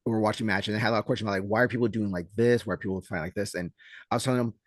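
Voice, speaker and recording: A man co-hosting a casual podcast as a judo coach, telling stories in an animated way and acting out what others said. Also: on the low side, very fast, no echo, clean studio sound. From Southern California. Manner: animated storyteller, acts out quotes loudly.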